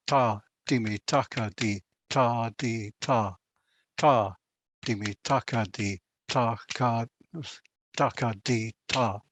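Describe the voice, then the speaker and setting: A man's voice: medium pitch, fairly even intonation, slow, fairly bright tone. A man joining a workshop call, hesitantly and apologetically chanting rhythm syllables. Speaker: workshop participant.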